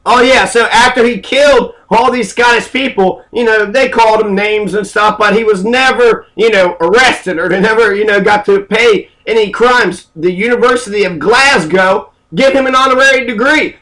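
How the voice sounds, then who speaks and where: A man's voice: sits high, normal speed, few pauses, sharp tone, low-quality recording. A man giving an angry, profane history lecture, full of rhetorical questions and hesitant fillers. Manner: angry, ranting, heavy cursing, rhetorical questions. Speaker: speaker giving a political history talk.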